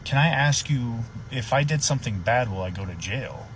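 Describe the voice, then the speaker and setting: Man doing a frail old woman in her late seventies, soft, hushed, confused, guilty. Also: mid-range voice, animated, normal speed, a little hiss or hum, close to an everyday voice, rough recording.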